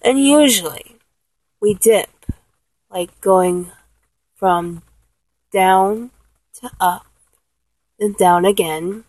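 Woman instructor, breathy and unhurried, coaches patiently step by step. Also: medium pitch, a little mellow, no room sound, rough recording. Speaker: vocal instructor. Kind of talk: instructional talk.

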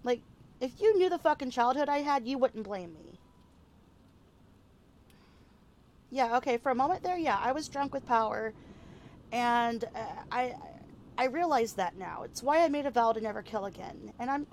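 A woman plays a foul-mouthed former hitwoman in an audio role-play drama, her voice sitting a little high. She talks casually and haltingly, full of fillers and restarts, sometimes with food in her mouth. A faint hum of ambience sits behind her. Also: animated, a little mellow. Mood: defiant. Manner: chewing food while talking. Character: foul-mouthed weary female ex-hitwoman seeking peace.

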